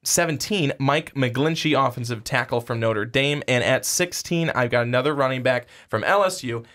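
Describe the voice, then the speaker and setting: A man's voice: mid-range voice, moderate pace, fairly bright tone. Dry, wisecracking podcast man. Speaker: podcast co-host. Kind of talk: casual sports podcast chat.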